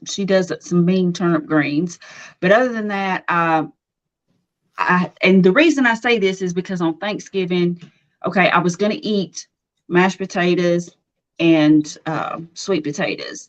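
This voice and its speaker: A woman's voice: lowish voice, dull audio. A middle-aged woman from Nashville with a Southern drawl, chatting casually and laughing often on a live Q&A. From Nashville, Tennessee. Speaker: co-host of a live Q&A. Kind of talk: casual chat.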